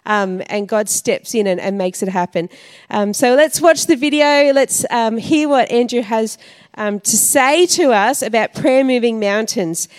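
A woman's voice: a little high, expressive, moderate pace. A woman leading a church service, telling a casual story to the congregation in a chatty way. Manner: chatty, with frequent fillers and laughs.

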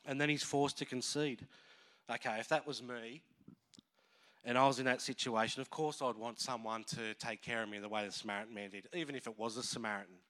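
A man preaching a sermon as a pastor, emotional and animated, acting out voices as he tells a parable. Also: mid-range voice, a little fast.

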